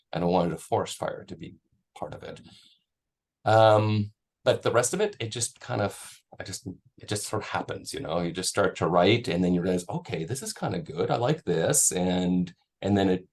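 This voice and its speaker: A middle-aged author talks about his writing in a relaxed, rambling way, full of small fillers. His voice sits low and has a strong gravelly fry. He then reads his novel aloud. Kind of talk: panel talk and reading from his novel.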